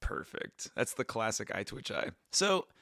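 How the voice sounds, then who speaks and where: Man, hoarse raspy voice, playful podcast co-host, swooping lively pitch, dry close sound. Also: normal speed, no room sound. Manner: playful, joking, animated. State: hoarse, raspy voice after shouting at camp. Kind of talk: casual podcast chat.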